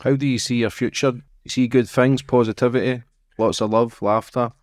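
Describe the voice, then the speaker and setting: A man hosting a podcast who asks questions in an easygoing, low-key way. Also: steady tone, moderate pace, no room sound, clean studio sound. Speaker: podcast host. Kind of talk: casual interview questions.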